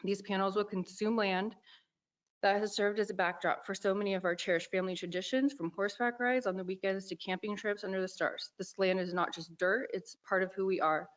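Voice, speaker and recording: A woman's voice: mid-range voice, fairly even intonation, fairly quick. A young woman earnestly reading a heartfelt prepared public comment at a county meeting. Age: young adult. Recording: dull lo-fi meeting audio.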